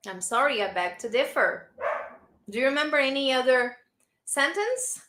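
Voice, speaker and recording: A woman from Brazil with a Brazilian Portuguese accent, teaching a live online English lesson and warmly praising her learners. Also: high-pitched, sing-song, moderate pace, roomy sound, slight background noise. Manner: encouraging, praising learners often.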